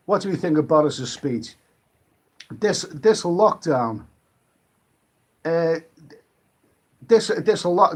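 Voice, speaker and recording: A British man with a mid-range, slightly rough voice hosts a casual late-night live stream. He's rambling and chatty, often restarting his sentences and reading out viewer comments.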